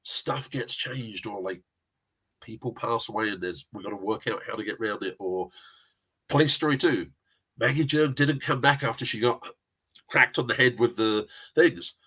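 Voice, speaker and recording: Here a middle-aged English guest speaks at normal speed in a lowish, husky voice with a touch of brightness. He rambles through anecdotes in easygoing interview conversation, chuckling a lot.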